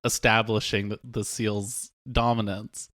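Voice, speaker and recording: A man's voice: fairly low pitch, flat delivery, measured pace, a bit bright. A man who produces a podcast, bantering in a wry, joking way.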